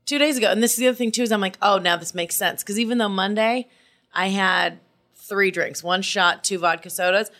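A woman's voice: mid-range voice, a little fast, fairly bright tone. Woman in her thirties, podcast guest, blunt, swears freely, acts out quotes, mid-range voice. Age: 30s. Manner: candid, profane storytelling with acted-out quotes. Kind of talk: casual comedy podcast chat.

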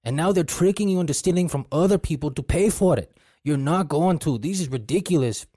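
A man's voice: animated, a little fast, no room sound, clean studio sound. A man voicing an angry man with a thick Spanish accent who scolds and berates. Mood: berating. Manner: berating, loud, high-pitched, calls him fool.

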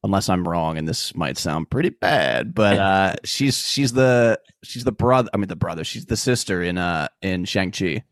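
A man's voice: deep voice, lively intonation, normal speed, hardly any pauses, no room sound, studio quality. A man in a casual show discussion, hesitant and restarting his sentences. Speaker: podcast co-host. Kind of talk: casual chat.

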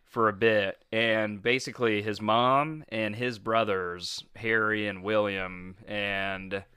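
A man's voice: lowish voice, fairly even intonation, slow, pushed and bright, clear, resonant tone, no room sound, studio quality. A man co-hosting a podcast, telling a history story in a casual chat, laughing often and filling with "like". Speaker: podcast co-host.

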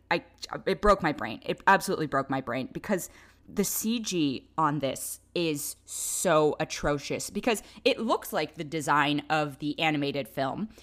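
A woman talks through a film review in a casual, candid way. Her pitch swings widely as she grows exasperated, with a mid-height voice. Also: fairly bright tone.

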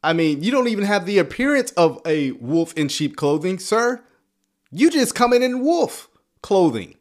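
A man's voice: high voice, sing-song, normal speed. Chuckling man giving sarcastic commentary. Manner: chuckling, sarcastic, full of fillers. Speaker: commentary host. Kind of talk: casual video commentary.

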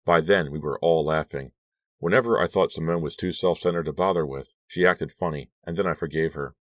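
Deep low guy reading an audiobook, very dry close sound. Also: fairly quick, dry recording. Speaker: audiobook narrator. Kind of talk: scripted narration.

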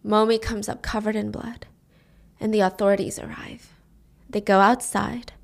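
A woman's voice: medium pitch, flat delivery, moderate pace, gravelly. A woman casually recapping a drama's plot, telling it with animation and briefly voicing its characters.

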